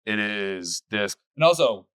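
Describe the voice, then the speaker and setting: A brewery owner talks beer in a blunt, casual way and swears now and then. His voice sits fairly low and has a bright, forward edge. The recording is dry and close, with no room sound. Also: expressive, measured pace, clean tone, no room sound. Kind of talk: casual podcast chat.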